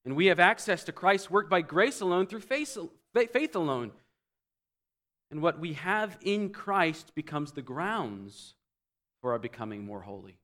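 Male pastor, slightly high voice, teaching sermon with wide dynamic swings. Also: very animated, measured pace. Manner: explanatory, with wide swings between loud emphasis and quiet low asides.

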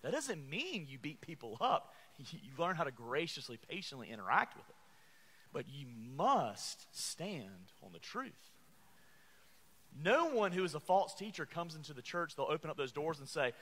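A man's voice: fairly high pitch, sing-song, moderate pace, a bit bright. A man preaching a sermon as pastor, earnest and emphatic, stressing key words. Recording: church hall reverb.

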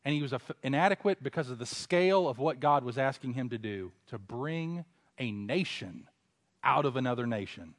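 A preacher with a ringing hall echo. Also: male voice, animated, moderate pace. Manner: builds to loud emphatic exhortation, then drops low; conversational asides and self-corrections. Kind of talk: expository sermon.

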